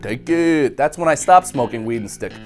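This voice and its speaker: A man's voice: medium pitch, lively intonation, fairly quick. A man hosting a comedic news show, sarcastic and jokey, with some faint music underneath. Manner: sarcastic, jokey, slips into put-on voices. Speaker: host.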